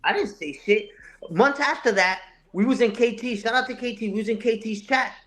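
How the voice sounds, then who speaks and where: A man's voice: very high voice, normal speed, fairly bright tone. A man, talking heatedly and without a script, profane and confrontational, repeating phrases for emphasis. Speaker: interview guest, online content creator. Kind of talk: heated unscripted talk, answering a live chat.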